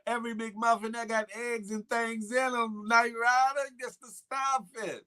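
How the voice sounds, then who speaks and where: A man's voice: very high voice, level tone, unhurried, sharp tone. A man hosting a morning show, chatting casually and teasing viewers with slang and laughter. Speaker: morning show host reading viewer comments. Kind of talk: casual chat.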